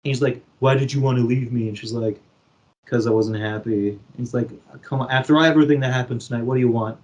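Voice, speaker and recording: Male podcast co-host, casual and animated, mid-pitch, playacts the quotes as he retells a film. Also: fast. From Canada. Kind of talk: casual chat.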